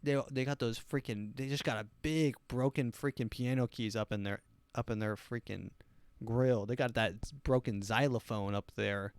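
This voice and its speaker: A man's voice: medium pitch, steady tone, moderate pace, hardly any pauses, clean tone, no echo. A man hosting his own podcast, rambling through a crude, self-amused comedic monologue. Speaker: podcast host.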